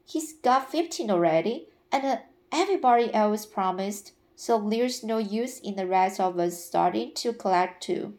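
A woman reading aloud and voicing a lively, curious little boy who asks questions insistently. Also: mid-range voice, normal speed, close to an everyday voice. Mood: eager.

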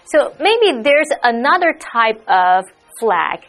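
A woman's voice: a little high, sing-song, slow pace, fairly bright tone, faint music behind. A woman co-hosting an English lesson show, chatting playfully and giggling now and then. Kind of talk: casual chat.

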